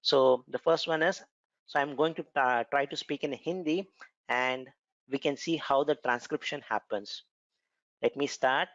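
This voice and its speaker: A man's voice: mid-range voice, a little slow, fairly bright tone, no room sound, lo-fi sound. A man with an Indian accent explaining cloud features in a conversational recorded lesson, with frequent filler words. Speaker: cloud computing instructor. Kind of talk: recorded technical lesson with demo.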